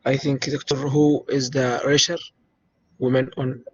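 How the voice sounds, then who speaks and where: A man's voice: medium pitch, flat delivery, measured pace, breathy edge. A man answering as a student in an online class, hesitant and brief. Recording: lo-fi call audio from off-mic.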